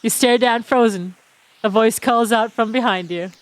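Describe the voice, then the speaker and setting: Woman streamer reading out a dating game, jokey and giggly, kinda high voice. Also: normal speed. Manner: playful, laughs often, breaks off to joke. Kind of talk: reading game text aloud with casual commentary.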